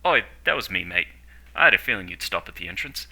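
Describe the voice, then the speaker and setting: A man's voice: low voice, very animated, fast, sharp tone, full character voice. A man voicing a quirky, cheeky male operative. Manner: cheeky, playful.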